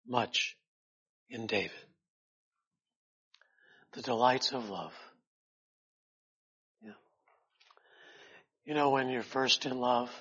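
A man preaching a sermon in a slow, earnest way, rising loud and then dropping to a hush. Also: mid-range voice, husky, highs cut off.

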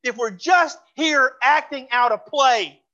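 A pastor preaching a sermon in a church, fervent and repeating phrases for emphasis, dropping to a hush for closing pleas. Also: sits high, takes it slowly, highs cut off. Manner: drops to a hushed voice for closing pleas. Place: church sanctuary.

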